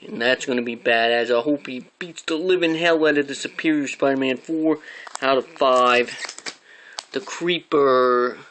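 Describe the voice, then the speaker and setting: A man's voice: medium pitch, moderate pace, fairly bright tone, a little hiss or hum, rough recording. A man giving casual, rambling comic book reviews, swearing now and then as he talks.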